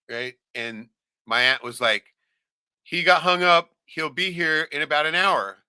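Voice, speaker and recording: A man telling a profane story in casual chat, animated, laughing often and acting out the voices of others. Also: on the high side, unhurried, clear, resonant tone, dry recording, clean studio sound. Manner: animated, swears a lot, laughs often, acts out quoted voices.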